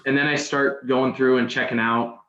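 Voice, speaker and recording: A man's voice: mid-range voice, level tone, moderate pace, sharp tone. A man guest on a podcast, telling a story casually, rambling, with many restarts and "like"s. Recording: roomy, dull sound.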